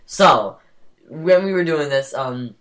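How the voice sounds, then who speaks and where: A young co-host chatting casually on a podcast, with a middling pitch. The delivery rambles and turns sassy, and it is full of "like" and restarts. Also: slow, fairly bright tone. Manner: rambling, sassy storytelling with many fillers. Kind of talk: casual chat.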